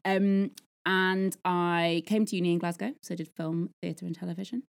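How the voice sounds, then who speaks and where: A woman in her thirties speaks in a slightly low voice. She chats loosely as a podcast guest, laughing often and mocking herself along the way. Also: fairly even intonation, normal speed, vocal fry. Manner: chatty, laughs often, self-deprecating asides. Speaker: theatre designer and director guest. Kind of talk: casual podcast interview. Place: podcast recording setting.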